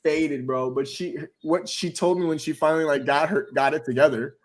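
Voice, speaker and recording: A man's voice: fairly high pitch, fairly even intonation, moderate pace. A man hosting a livestream, telling a story in casual, profane slang and laughing between lines. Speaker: livestream host.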